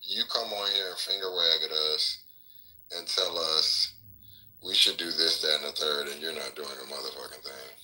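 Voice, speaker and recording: A man's voice: very deep voice, fairly even intonation, normal speed, bright, forceful tone, poor audio. An American man in a heated casual debate, mocking and slangy, swearing at the other speaker. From United States.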